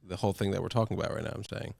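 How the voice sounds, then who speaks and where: A man's voice: sits low, steady tone, rapid-fire, creaky, a little mellow, no echo, clean studio sound. A young man co-hosting a podcast, talking casually in a brash, crude and eager way. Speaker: podcast co-host. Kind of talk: casual chat.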